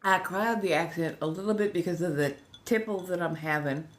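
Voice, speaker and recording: A woman with a Southern US accent hosting a relaxed livestream chat. She talks softly, slips into whispers, and rambles with restarts while speaking without her upper denture. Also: fairly low pitch, fairly quick. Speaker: ASMR livestream host.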